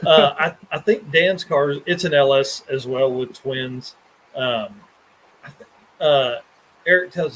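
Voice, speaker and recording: A man's voice: medium pitch, unhurried, a bit bright, a little hiss or hum, low-quality recording. A man hosting a car podcast, chatting casually and rambling with restarts and fillers. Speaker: podcast host.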